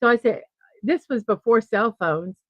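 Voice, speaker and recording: A middle-aged woman hosts a daily, casual morning livestream, telling a rambling story and reading viewer comments, with restarts and laughter along the way. Her voice is fairly high and her pace normal. The lo-fi audio has no room sound.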